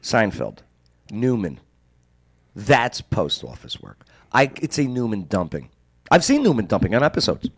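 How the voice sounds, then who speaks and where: A man's voice: fairly low pitch, husky. A man hosting a casual talk show, joking and chatting with a co-host. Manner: animated, quick to joke.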